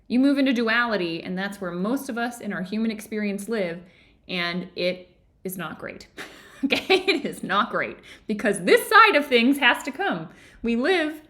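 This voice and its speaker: A woman's voice: a little high, a bit bright. A woman hosting an online book club from her home office, talking casually and animatedly and laughing often.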